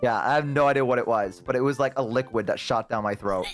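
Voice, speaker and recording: A young man chatting casually, rambling and swearing a lot, jumping into lively impressions as he tells stories. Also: mid-range voice, fast, soft background music. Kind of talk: casual chat.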